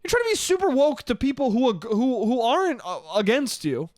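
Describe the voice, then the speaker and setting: A man's voice: very high-pitched, big pitch swings, brisk, darkish tone. A man hosting a solo comedy podcast, telling a story in an exasperated, profane way and saying "dude" often. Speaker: podcast host. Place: New York.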